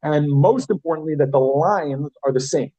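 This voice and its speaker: Animated male teacher in a classroom. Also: fairly high pitch, normal speed, no echo, low-quality recording. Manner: animated, chatty, self-interrupting. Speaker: Yiddish teacher. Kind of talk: classroom lesson.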